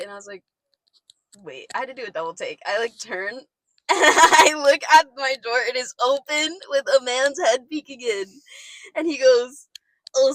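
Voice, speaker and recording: A woman's voice: fairly high pitch, slight background noise, rough recording. A woman in her twenties co-hosting a podcast, telling stories in a casual chat and acting out the voices of the people in them. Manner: animated storytelling, acting out voices. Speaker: podcast co-host.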